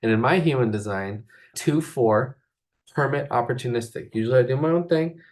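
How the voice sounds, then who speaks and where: A man's voice: medium pitch, normal speed, darkish tone. A man hosting a casual spiritual talk, rambling loosely and filling his speech with "like". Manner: rambling, filler-heavy, full of "like". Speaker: spiritual coach and host.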